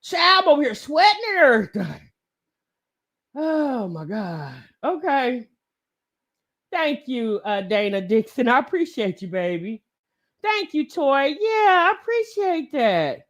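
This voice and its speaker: A woman hosting a casual livestream, talking excitedly to her viewers and calling them honey and baby. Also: high-pitched, a little slow. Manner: excitable, exclaiming and laughing with viewers. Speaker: livestream host.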